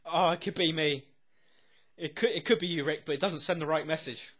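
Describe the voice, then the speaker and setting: A young man reacting to a TV episode as he watches. He talks excitedly, swears constantly and often laughs. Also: fairly high pitch, brisk. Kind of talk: live reaction commentary.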